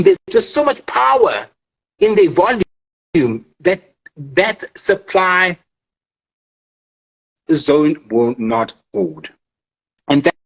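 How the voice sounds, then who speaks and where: A man's voice: a little high, slightly rough, muffled recording. A man explaining trading in a casual interview, emphatic, swearing and checking in with the listener. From South Africa. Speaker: forex trader.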